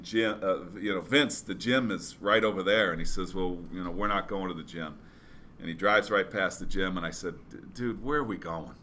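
A man's voice: deep voice, bright, forceful tone, slight background noise. A man telling a motivational story in a casual, rambling way, with lots of fillers and restarts. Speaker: business speaker.

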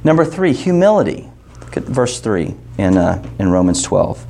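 A man's voice: on the low side, big pitch swings, normal speed, creaky, mellow. A male pastor preaching a sermon in a casual, joking tone, counting off numbered points and reading scripture.

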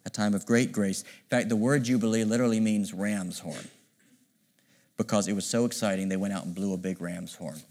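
A middle-aged man preaching a sermon in an animated, conversational way, often asking the listeners rhetorical questions. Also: lowish voice, a little fast. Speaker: pastor.

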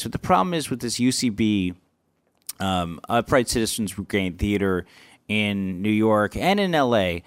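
A man, a stand-up comic, swaps stories in easy, casual chat. His voice is smooth and sits in a middle pitch, recorded dry and close. He leaps up in pitch as he acts out both sides of his run-ins. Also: no echo. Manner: animated, acts out exchanges with rising pitch.

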